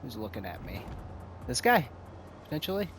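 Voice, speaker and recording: A man giving excited, casual commentary over his own gameplay, out of breath, laughing often and talking to himself as the action swings. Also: mid-range voice, moderate pace, a little hiss or hum. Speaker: gaming streamer.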